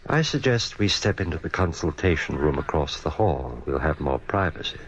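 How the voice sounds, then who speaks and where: An actor playing a calm, quietly menacing eye surgeon in a 1940s radio drama. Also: male voice, extremely low pitch, normal speed. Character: scheming middle-aged male eye surgeon, cold and bitter. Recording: dull old radio recording with faint hiss.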